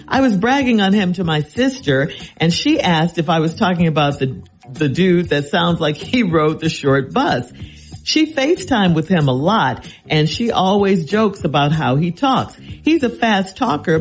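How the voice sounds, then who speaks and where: A man's voice: on the high side, rough recording. A man hosting a radio advice show, reading a listener's letter and answering in an incredulous, teasing way.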